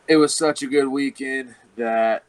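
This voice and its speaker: A man's voice: medium pitch, no echo, poor audio. Profane, laughing man telling stories. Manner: profane and laughing, rambling anecdotes. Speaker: professional wrestler guest. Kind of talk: casual storytelling.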